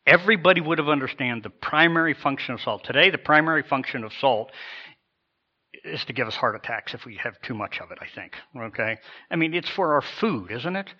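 A man's voice: medium pitch, expressive, fairly quick, muffled recording. A man preaching a sermon as a pastor, in a conversational style with asides and repeated words.

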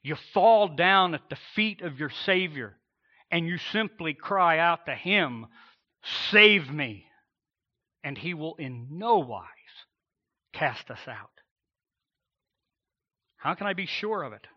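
A man preaching a sermon as pastor, emphatic, with dramatic pauses and swells in volume. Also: fairly high pitch, expressive, dull audio.

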